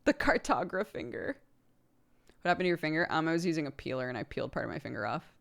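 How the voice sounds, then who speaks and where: Young adult woman, casual streamer host, chatty and rambling, smooth tone. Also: deep voice, sing-song, fast. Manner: chatty, rambling with fillers, laughs often.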